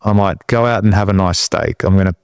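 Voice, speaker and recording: A man co-hosts a casual podcast, speaking in a somewhat low voice. He tells motivational stories in an earnest tone. The sound is dry and close. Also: brisk, gravelly, smooth, dry recording. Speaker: podcast co-host.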